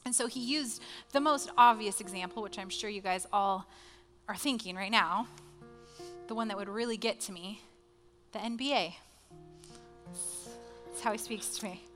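A woman pastor in her thirties preaches with a bright, clear, fairly high voice, telling personal stories in an earnest, emotional way. Her voice rings out in a large reverberant church hall while soft music plays underneath. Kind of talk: sermon.

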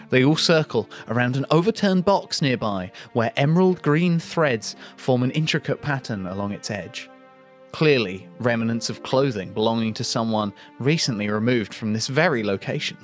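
A man co-hosting a comedy podcast, reading an AI-written script aloud and tripping over its awkward phrasing. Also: medium pitch. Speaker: podcast co-host.

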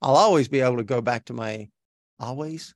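Gravelly Australian man, chatty guest. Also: medium pitch, brisk, no echo, studio quality. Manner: chatty, self-reflective, many restarts. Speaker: guest, actor. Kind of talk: podcast interview.

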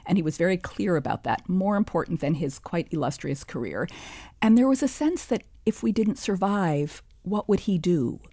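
A woman in her sixties, an author and historian, telling her story in a measured, reflective way during an interview. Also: lowish voice, animated, mellow, dry recording, clean studio sound. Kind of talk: interview conversation, reading from her childhood diary.

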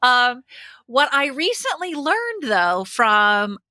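A woman's voice: sits high, very animated, takes it slowly, pushed and bright, no room sound. A woman co-hosting a podcast in casual chat, hesitant and self-deprecating. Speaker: podcast co-host and coach.

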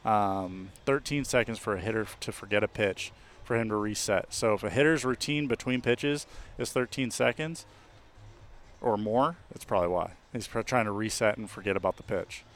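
A man, a baseball pitcher, talking casually in an interview, relaxed, with fillers and restarts. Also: normal speed. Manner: relaxed, with many fillers and restarts, laughs easily.

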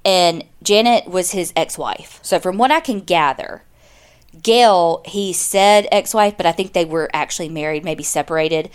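A woman's voice: on the low side, measured pace, clean tone. A woman, casually telling a true-crime story as a podcast co-host, chatty and full of "like.". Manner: chatty, lots of "like", acts out quotes.

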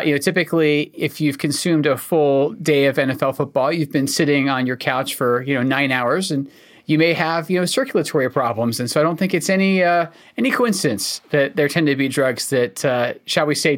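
A man's voice: a little high, brisk. A man from Scotland with a light Scottish accent, a doctor co-hosting a podcast chat with dry, wry humor. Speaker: oncologist co-host.

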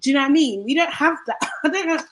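A woman's voice: sits high, animated, rapid-fire, rough recording. A woman on a podcast panel, talking casually and with exasperation, often checking "do you know what I mean". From Britain. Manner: exasperated, calls people babe, keeps asking "do you know what I mean". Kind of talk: casual discussion.

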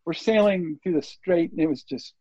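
A man in his sixties, an interview guest, telling a rambling, animated story and acting out the lines of the people in it. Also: fairly high pitch, moderate pace, no echo. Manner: rambling, animated, acts out quoted dialogue. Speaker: interview guest, surf filmmaker. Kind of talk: casual storytelling. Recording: dull lo-fi audio.

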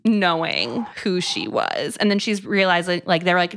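A woman's voice: lowish voice, big pitch swings, moderate pace, gravelly, fairly bright tone. A woman co-hosting a podcast, retelling a book's plot in casual chat, full of "like". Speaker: podcast co-host. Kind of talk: casual book-review chat.

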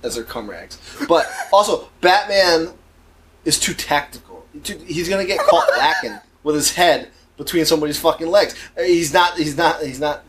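A man's voice: a little high, lively intonation, moderate pace, noisy background. Profane, laughing podcast co-host man. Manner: profane, emphatic, laughs often. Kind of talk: crude casual banter.

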